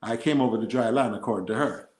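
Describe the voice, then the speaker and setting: A Jamaican-born man speaks with an American accent in relaxed podcast talk. He spins stories, slips into other accents, and laughs as he goes. His voice sits mid-pitch and carries a roomy echo. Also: fast talker. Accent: American with Jamaican traces. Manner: storytelling, mimics accents, laughs often. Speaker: guest. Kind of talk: casual podcast chat.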